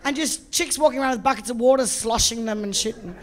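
Brief: middle-aged Australian woman comic, bold and profane, lively stage storytelling. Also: on the high side, fast. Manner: brash, profane, animated storytelling. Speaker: stand-up comedian. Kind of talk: stand-up comedy storytelling.

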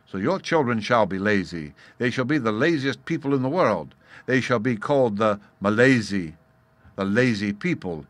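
A man's voice: lowish voice, lively intonation, moderate pace, no room sound, close to an everyday voice. A man voicing a stern, solemn old magician who pronounces judgments in a storybook reading. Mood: scolding.

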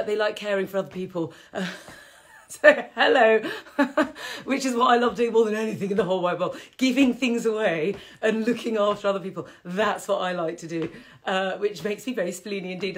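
A middle-aged woman, teaching a casual live-streamed qigong class in a chatty, rambling way with frequent laughter. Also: medium pitch. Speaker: qigong teacher and health host.

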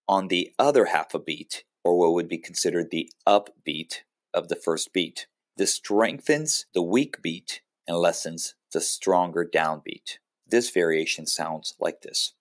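A man with a very low, deep voice narrates a music theory lesson. He explains each point in a calm, measured way, like a teacher walking students through the material.

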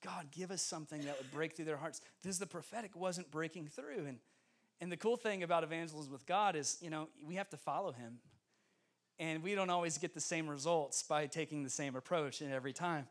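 A man preaching as a guest speaker in a church, telling a story with lively acted-out dialogue. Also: fairly high pitch, a little fast. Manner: animated, acts out dialogue, laughs often. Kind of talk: storytelling sermon. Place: church sanctuary.

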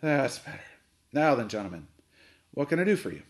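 A man's voice: mid-range voice, sing-song, fairly quick. A man voicing a blustering, hot-tempered old sea captain who roars and bellows. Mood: calmed. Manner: roaring, bellowing shouts.

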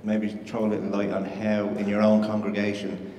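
A man's voice: fairly low pitch, monotone, moderate pace, dark tone, a little hiss or hum. A man with a Dublin accent, polite and a little hesitant, asking a question from the audience. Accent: Dublin Irish. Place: large hall at a conference. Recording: distant, echoey hall, off-mic.

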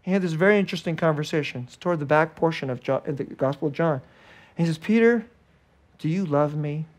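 Speaking very fast in a voice that's a little high, a pastor delivers his sermon in a conversational manner. Lively passages give way to hushed ones, and he laughs between phrases.

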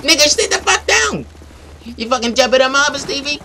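A man voicing a hot-tempered young male gamer who swears and accuses in a high, put-on voice, with game gunfire behind. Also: fast, creaky, sharp tone, a little hiss or hum, heavily acted. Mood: angry, shrill. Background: video game gunfire.

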